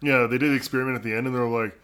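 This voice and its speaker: Guy cohost on a chill podcast, halting and amused, mid pitch. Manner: relaxed, halting, amused, with fillers and restarts. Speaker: podcast co-host. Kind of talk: casual recap chat.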